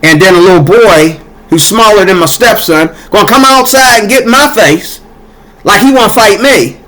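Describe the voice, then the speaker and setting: Man, higher-pitched voice, fired-up rant straight to his audience, repeats lines for emphasis. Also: normal speed, a bit bright, rough recording. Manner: heated, repetitive, talks to viewers directly. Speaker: commentator. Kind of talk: casual ranting commentary.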